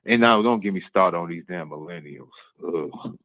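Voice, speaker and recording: A man's voice: sits low, a little fast. A man guest on a call-in show, ranting in an exasperated way and repeating himself as he goes. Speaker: guest podcaster. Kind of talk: casual ranting commentary. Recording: tinny phone-like line.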